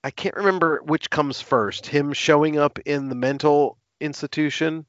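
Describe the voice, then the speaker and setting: A man's voice: fairly high pitch, fairly even intonation, normal speed, no room sound. Laid-back man co-hosting a film chat. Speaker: podcast co-host. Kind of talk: casual film podcast chat. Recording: dull dry lo-fi audio.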